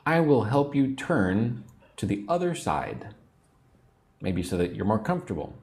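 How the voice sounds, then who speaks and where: A man's voice: lowish voice, big pitch swings, a little slow, a little mellow. A man teaching an English lesson on a livestream, patiently repeating words for learners and sounding a little sleepy. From United States. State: sleepy, yawning.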